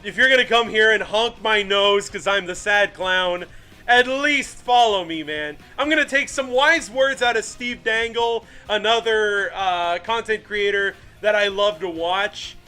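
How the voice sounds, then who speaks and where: A young man streaming live fan commentary on a football game, self-mocking and excitable, ranting at his team and greeting chat. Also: sits high, measured pace, clear, resonant tone, soft background music.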